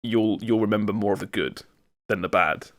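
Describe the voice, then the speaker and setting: Man, lowish voice, podcast co-host, relaxed casual chat. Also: brisk.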